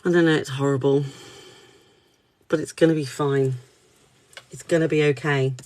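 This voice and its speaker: A woman's voice: low-pitched, steady tone, moderate pace, darkish tone. A woman, speaking as a spiritual card reader at her desk, reassuring and candid, swearing casually. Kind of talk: live spiritual reading chat.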